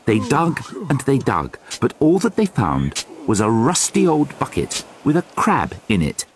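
A man reading a children's storybook aloud, slow and expressive, with music behind. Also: a crowd in the background. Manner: slow, expressive reading with wide pitch swings. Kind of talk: storybook narration.

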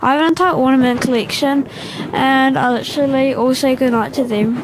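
Brief: silly, giggly young girl, very high voice, noisy room. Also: steady tone, a little fast.

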